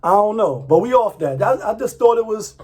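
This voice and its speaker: Husky-voiced man ranting casually. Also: sits high, expressive, a little fast, a little mellow. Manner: loose, profane, repeats himself, laughs often. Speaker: vlogger. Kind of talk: casual commentary.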